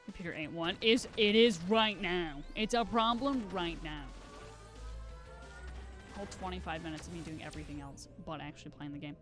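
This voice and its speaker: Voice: mid-range voice, normal speed, music in the background. A live streamer in casual gaming stream chat, rambling and self-deprecating with giggly asides.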